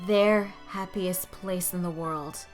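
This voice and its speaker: A woman's voice: on the low side, steady tone, takes it slowly, faint music behind. A young woman hosting a video, reading fan comments in an emotional, swearing, half-sobbing manner.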